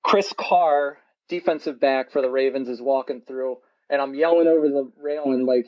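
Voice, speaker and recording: A man telling an excited personal story as a listener submission, with frequent fillers. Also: a little high, moderate pace, hardly any pauses. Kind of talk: recorded personal anecdote. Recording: dull lo-fi recording.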